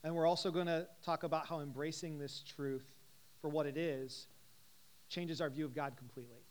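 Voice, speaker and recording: A man's voice: a little high, steady tone, normal speed. A man in his thirties giving a casual teaching talk to a live group, talking conversationally with many fillers and putting questions to his listeners. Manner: conversational, frequent "uh" fillers, asks the audience questions. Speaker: teacher at a Christian ministry gathering.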